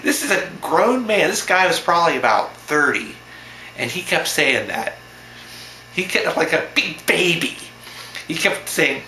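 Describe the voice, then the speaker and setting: A man's voice: on the high side, big pitch swings, measured pace, sharp tone, reverberant, slight background noise. A man vlogger telling a story in a casual, rambling way, repeating himself, restarting sentences and sounding amused.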